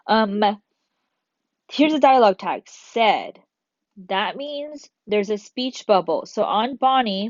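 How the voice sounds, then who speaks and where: A woman's voice: mid-range voice, no echo. Woman teacher walking kids thru grammar, asks herself questions, dry close lo-fi audio. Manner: chatty, asks and answers her own questions. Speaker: third grade teacher. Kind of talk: online recorded grammar lesson.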